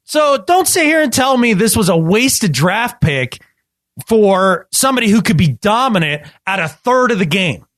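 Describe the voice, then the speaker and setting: High-voiced, animated podcast man. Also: normal speed, no echo, studio quality. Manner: animated, emphatic, repeats words when excited. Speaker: podcast co-host. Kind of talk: casual sports podcast chat.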